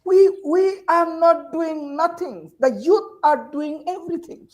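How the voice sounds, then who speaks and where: A high-pitched woman speaks over a video call. She talks with urgent, emotional force, stacking repeated phrases and questions like a teacher pleading with her peers. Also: measured pace, a little mellow, poor audio. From Bangladesh. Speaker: university teacher and forum panelist. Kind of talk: impassioned panel speech.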